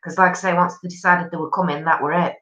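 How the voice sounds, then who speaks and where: A gossipy woman in her forties chats on a live stream, reading out comments and answering them warmly. Her voice sits fairly low. The sound is dull and lo-fi, in a roomy, echoey space. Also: steady tone, fast talker. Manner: chatty and gossipy, with many ums. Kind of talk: casual chat reading out viewer comments.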